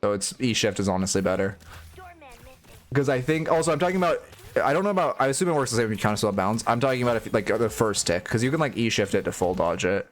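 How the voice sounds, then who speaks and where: A man's voice: fairly low pitch, lively intonation, fast talker. A young man giving casual live-stream coaching commentary on a video game, frank and blunt, swearing now and then and restarting his sentences.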